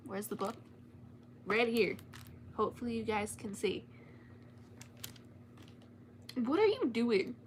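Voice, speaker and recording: Casual female storyteller, higher voice, reading a book aloud from home, chatty and loose with the swearing. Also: very animated, moderate pace, slight background noise. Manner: chatty, swears casually, chats to her cats between passages.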